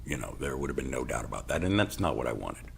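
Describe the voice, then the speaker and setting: A man's voice: very deep voice, quick pace, vocal fry, breathy edge. A man telling a personal story in a monologue, acting out quoted lines and sometimes dropping to a whisper. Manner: animated storyteller, acts out quotes, drops to a whisper. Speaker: podcast host.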